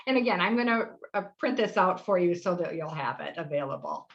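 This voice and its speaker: A woman's voice: fairly low pitch, lively intonation, brisk, lo-fi sound. A middle-aged woman hosting a live webinar workshop, explaining practices in a friendly, rambling way with fillers. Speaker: workshop host.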